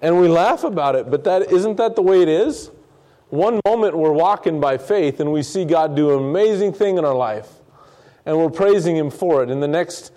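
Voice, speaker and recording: A man's voice: fairly high pitch, expressive, normal speed, dark tone. A man teaching a sermon on a Bible passage in a conversational way, repeating words and acting out the people's complaints. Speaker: preacher.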